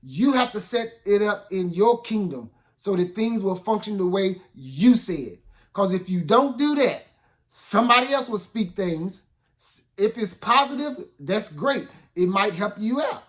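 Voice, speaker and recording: High-voiced man preaching casually. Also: expressive, a little slow. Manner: conversational, repeats "okay?" and "guess what?". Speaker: minister. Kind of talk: informal spoken sermon.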